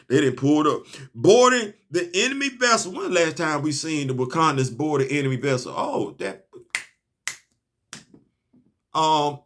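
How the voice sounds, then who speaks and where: A young man, excitedly reviewing a comic in a casual, slangy monologue, laughing and stumbling over restarts. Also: on the high side.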